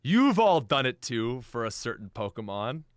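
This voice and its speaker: A man's voice: medium pitch, very animated, moderate pace, no echo, studio quality. A young adult man chatting on a live stream, laughing often and talking straight to his chat. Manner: giggly, frequent laughter; chatty, addresses chat directly.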